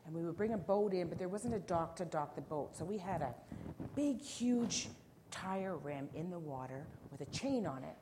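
A woman teacher talks with a class of children in a gentle way, asking questions and telling a story. Her voice sits a little low. The recording has clear background noise from the classroom. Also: lively intonation, moderate pace.

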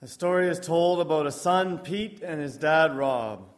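A male pastor delivers a sermon in a storytelling manner. His voice sits slightly high. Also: animated, a little slow. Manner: storytelling with acted quotes.

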